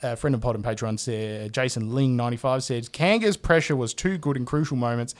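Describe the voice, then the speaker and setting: A man's voice: mid-range voice, brisk. A man, hosting a casual podcast and reading out listener feedback with laughs and the odd swear. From Australia. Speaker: podcast host.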